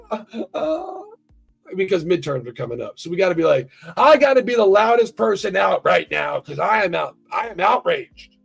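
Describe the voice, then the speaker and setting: A high, gravelly, husky voice belongs to an American man running a livestream. He rambles casually, swears a good deal, and talks directly to his chat.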